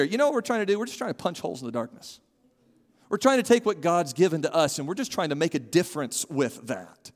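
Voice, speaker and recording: A man preaching a sermon as pastor, animated and calling on his congregation to respond. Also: fairly high pitch, fast. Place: church sanctuary. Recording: long hall reverb.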